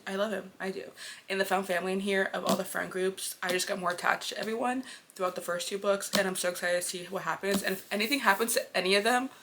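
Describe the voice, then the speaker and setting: A young woman talks fast and casually about books she is reading, gushing and poking fun at herself. Her voice is bright with a gravelly fry at the ends of phrases. Faint room noise sits behind her. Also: medium pitch. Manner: chatty, gushing, self-mocking. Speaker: book vlogger. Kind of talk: casual vlog chat.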